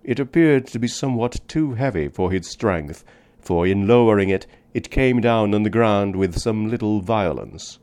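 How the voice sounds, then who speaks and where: A man narrating a book in a measured, deliberate reading. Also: fairly low pitch, a little mellow. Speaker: audiobook narrator. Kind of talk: scripted narration.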